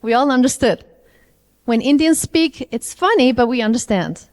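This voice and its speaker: A woman's voice: sits high, animated, normal speed, darkish tone. A woman giving an interactive language lecture to a live audience, often asking them questions. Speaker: IELTS trainer. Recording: long hall reverb.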